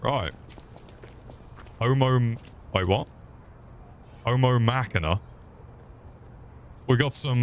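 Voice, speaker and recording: A man's voice: medium pitch, slow, pauses often, slight background noise. A man streaming a game with crude, mocking comic commentary.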